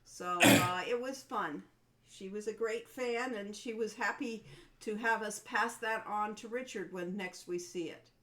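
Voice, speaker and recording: A woman's voice: medium pitch, a little slow, a bit bright. A woman co-hosting a game developers' livestream, chatting casually and reminiscing in a meandering way. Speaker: co-host of a game developers' stream.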